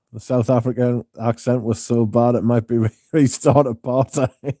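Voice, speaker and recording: A man's voice: medium pitch, steady tone, normal speed, mellow, no room sound, studio quality. A man hosting a livestream, reading live comments in casual chat, laughing often and swearing. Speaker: livestream host.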